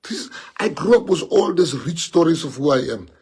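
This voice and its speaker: With a fairly high, husky, slightly mellow voice, this South African man, a native Afrikaans speaker with a South African accent, talks expressively at a moderate pace. As a politician, he delivers an emotional live-streamed speech to followers, repeating rhetorical questions.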